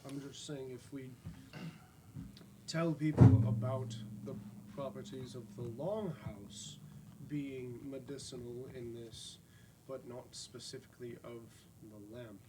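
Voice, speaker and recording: A man playing a tabletop game, thinking aloud in a deliberate in-character party discussion on a quiet home mic. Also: medium pitch, fairly even intonation, very noisy.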